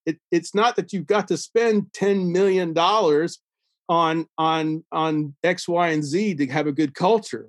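A man who works as a safety consultant, a guest on a podcast, telling a story in a casual, animated way and acting out the dialogue he quotes. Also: fairly high pitch, normal speed, no room sound.

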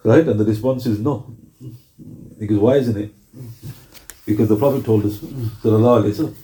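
A man's voice: fairly low pitch, a little fast, long pauses, warm tone. A man with a British accent giving a sermon in a conversational style, often asking his audience questions. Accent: British English. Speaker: Islamic preacher.

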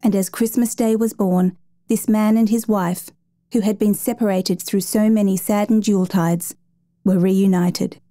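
A woman reading a story aloud in a measured, gentle storytelling manner. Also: mid-range voice, fairly even intonation, no echo. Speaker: narrator. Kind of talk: scripted story narration.

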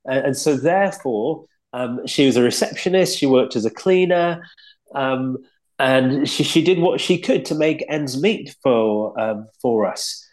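A clergyman from Leeds with a Yorkshire accent, telling stories from his own life in a relaxed, reflective way with frequent pauses. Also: medium pitch. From Leeds, England. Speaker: guest, clergyman. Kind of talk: conversational storytelling.

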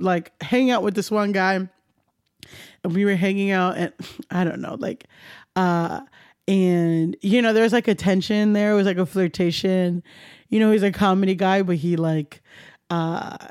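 A woman's voice: medium pitch, no room sound, clean studio sound. Laughing young woman telling stories. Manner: animated, laughing, swearing, acts out dialogue. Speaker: comedian guest. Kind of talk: candid storytelling interview.

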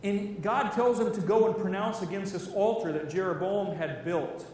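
A man preaching a sermon, telling Bible stories in a lively way and acting out the characters' lines. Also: high voice, normal speed, a little hiss or hum. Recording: echoey hall, voice from far off.

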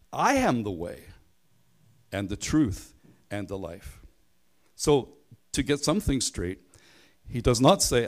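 A man preaching a sermon in a conversational way, leaning hard on key phrases and stumbling over the odd restart. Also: mid-range voice.

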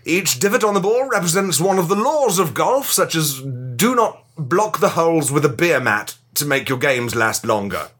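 A man's voice: a little high, animated, normal speed, hardly any pauses, fairly bright tone, slightly rough. A man playing a blustering self-styled golf expert who lectures in a pompous, rambling way and swears freely. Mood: lecturing. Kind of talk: improvised comedy character.

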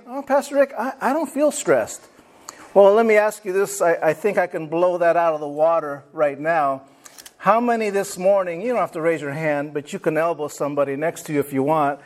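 A man preaching a sermon as pastor to his congregation, talking directly to them and acting out what people say. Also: sits high. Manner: lively, talks to the congregation and acts out quoted people. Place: church.

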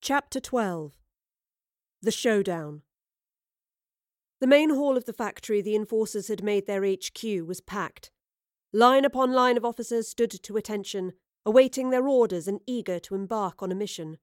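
A woman narrating an audiobook in a measured, clear storytelling voice. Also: medium pitch, a little mellow, no room sound, clean studio sound. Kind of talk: scripted narration.

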